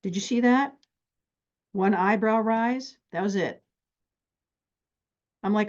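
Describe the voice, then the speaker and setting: A middle-aged woman therapist teaches with lively, extroverted energy, often acting out her own stories. Her voice sits at an ordinary pitch, and the recording is a bit dull and lo-fi. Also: slow, long pauses. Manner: animated, extroverted, acts out anecdotes.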